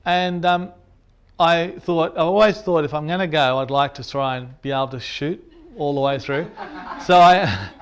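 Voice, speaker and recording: A photographer telling an animated anecdote, acting out the sounds and his own reactions as he goes. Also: a little high, a little slow, clear, resonant tone. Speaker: landscape photographer. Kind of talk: storytelling anecdote.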